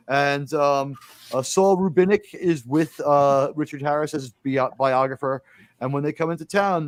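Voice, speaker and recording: A man hosting a casual podcast chat about films, telling scenes in a lively, rambling way with lots of fillers and restarts. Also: on the high side, dry recording. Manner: animated storytelling, acting out movie lines. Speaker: podcast host. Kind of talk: casual film discussion.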